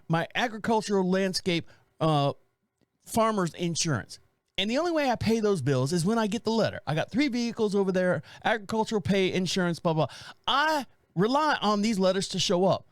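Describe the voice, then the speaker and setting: Lively high-voiced man telling a story. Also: a little fast, dry recording, studio quality. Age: 40s. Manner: animated storyteller, quotes neighbor in put-on voices. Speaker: podcast co-host. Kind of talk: casual chat storytelling.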